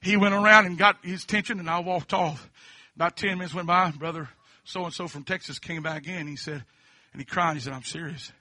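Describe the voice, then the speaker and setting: Preacher man, fairly high voice, folksy testimony w amens, dry close sound. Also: steady tone, a little fast, no echo. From Kentucky. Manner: folksy storytelling punctuated with amens, swinging between quiet and shouting. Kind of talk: sermon testimony.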